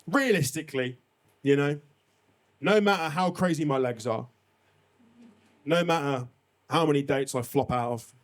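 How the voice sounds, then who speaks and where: A man performing a live stand-up comedy set, telling a story in an animated, chatty way and swinging his voice up and down for effect. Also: a little high, measured pace, long pauses. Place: comedy venue stage.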